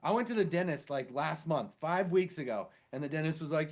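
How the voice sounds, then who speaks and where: A married man co-hosting a casual podcast, telling a rambling story full of swearing and quick impressions of other people. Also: a little high. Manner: rambling, animated, swears freely; mimics others with shifted voices in stories. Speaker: podcast co-host.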